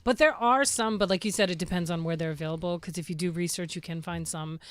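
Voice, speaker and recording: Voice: mid-range voice, quick pace, clear, resonant tone. A panel guest adding firm, agreeable comments to a casual chat.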